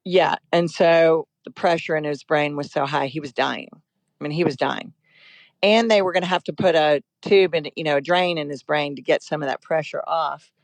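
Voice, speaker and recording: A woman guest telling a personal story in an urgent, emotional, quick-flowing way. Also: low voice, no echo.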